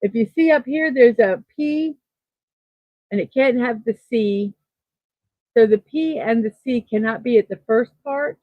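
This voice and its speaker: A woman's voice: a little high, a little slow, no room sound. A woman hosting a daily morning livestream, chatting casually and reading out viewer comments, upbeat and full of fillers. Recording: tinny phone-like sound, dry.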